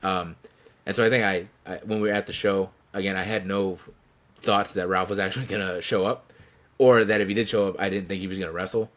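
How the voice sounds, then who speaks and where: A man with a very low voice tells stories in a loose, rambling way, full of restarts and chuckles. He talks to a desk camera from his room. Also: fairly even intonation, brisk, a bit bright. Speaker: channel host telling stories. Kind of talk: casual storytelling tribute.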